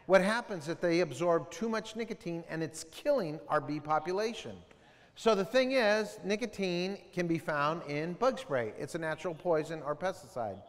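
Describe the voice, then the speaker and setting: A middle-aged man with a notably high voice addresses a room of students in a lively, storytelling way, quizzing them and acting out sounds. His voice carries long reverb from a large school hall. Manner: storytelling, asks the audience questions, mimics sounds. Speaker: school assembly speaker. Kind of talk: animated talk to students.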